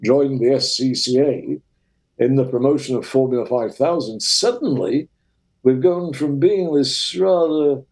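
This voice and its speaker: A man's voice: medium pitch, measured pace, poor audio. An older man with a Lancashire English accent, a retired racing driver telling vivid anecdotes as an interview guest. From Lancashire, England. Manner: lively, vivid storyteller.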